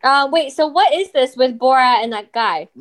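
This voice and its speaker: Young woman, podcast co-host, blunt interjections, high voice, animated. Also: moderate pace. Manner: blunt reactions, short interjections. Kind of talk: casual chat.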